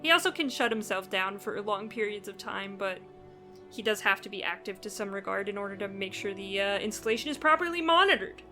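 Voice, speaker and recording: A woman co-hosting a casual podcast chat, animated and playfully acting out characters as she recaps. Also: mid-range voice, fairly quick, over music. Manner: animated, acts out characters with exaggerated quips. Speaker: podcast co-host.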